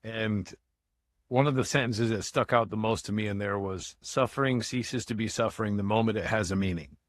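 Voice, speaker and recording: A man's voice: on the low side, normal speed, no room sound. A man from Michigan, a guest in a podcast interview, telling his life story in a candid, conversational way. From Michigan, USA. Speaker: guest, motivational speaker.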